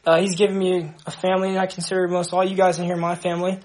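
High-voiced young man, earnest testimony. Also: completely flat delivery, a little mellow. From Dallas, Texas. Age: young adult. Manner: earnest, halting, many restarts. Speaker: ministry member giving testimony. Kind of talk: personal testimony to a group.

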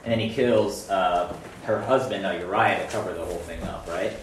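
Casual young-sounding preacher in an echoey room. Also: male voice, sits low, fairly quick, a little hiss or hum. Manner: conversational, animated, frequent "right?" and "guys". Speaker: youth preacher. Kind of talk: casual sermon. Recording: echoey room, mic at a distance.

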